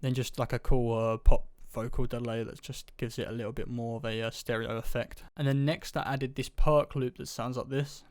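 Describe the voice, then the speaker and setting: A man casually talking through how he built a beat step by step, in a relaxed, offhand tutorial voice-over. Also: mid-range voice, moderate pace, few pauses, dry recording, studio quality. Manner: relaxed, offhand, loose run-on steps. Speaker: beat producer explaining his process. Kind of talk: casual screen-recorded production tutorial.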